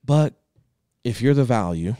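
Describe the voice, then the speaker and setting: A man's voice: medium pitch, expressive, a little slow, warm tone, clear, resonant tone, dry recording, clean studio sound. A man in his thirties co-hosting a podcast, talking casually and energetically, swearing freely for emphasis. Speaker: podcast co-host.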